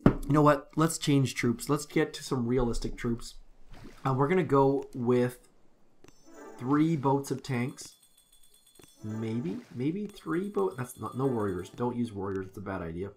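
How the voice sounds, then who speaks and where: A man's voice: mid-range voice, lively intonation, a little slow, soft background music. A man commenting casually on a live game stream, rambling and correcting himself as he talks to his chat.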